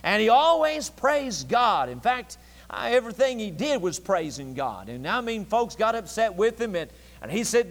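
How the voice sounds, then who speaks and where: High-voiced male preacher in reverberant church. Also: very animated, normal speed. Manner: emphatic, repetitive preaching cadence. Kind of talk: evening church sermon. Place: church sanctuary.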